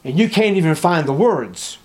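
A middle-aged man preaching a sermon as pastor, with impassioned delivery, dramatic pauses and scripture read aloud. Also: on the high side, animated.

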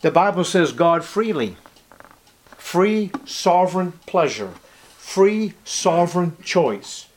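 A man preaching as pastor, emphatic, rising loud on key words and dropping low and soft. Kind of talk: sermon.

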